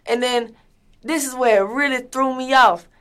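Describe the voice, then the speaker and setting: A woman's voice: sits high, moderate pace, a bit bright, smooth. A woman from Atlanta, telling a story in a blunt, profane, emphatic way.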